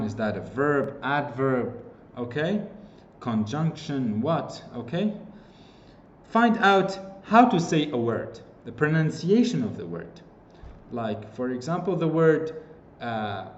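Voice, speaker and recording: A man's voice: medium pitch, slight background noise. A man with a Kurdish accent teaching an English class online, explaining points with repeated examples and frequent fillers. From Kurdistan region of Iraq. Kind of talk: online lecture. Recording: roomy, dull lo-fi recording.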